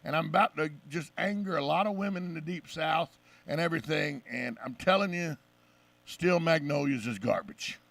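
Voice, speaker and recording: A man hosting a casual radio talk show, an opinionated and animated storyteller. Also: on the high side, normal speed, gravelly, distant mic.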